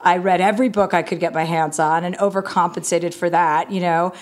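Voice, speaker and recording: A woman's voice: on the low side, steady tone, a little fast. A woman comedian talking candidly as an interview guest, self-mocking and frank, with many "like" and "you know" fillers.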